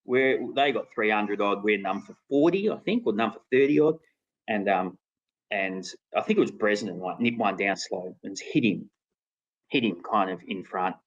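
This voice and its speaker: Guest spot: middle-aged Aussie man, deepish voice, rambling anecdote, laughs at himself. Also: expressive, moderate pace, highs cut off. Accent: Australian. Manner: rambling with restarts, laughing at his own story. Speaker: podcast guest, former cricketer. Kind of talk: casual storytelling.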